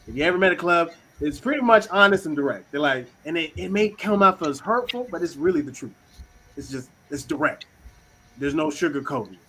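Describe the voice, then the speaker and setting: A man hosting a casual talk on communication styles, slangy and animated, acting out little quoted voices. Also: fairly high pitch, husky, poor audio. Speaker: host.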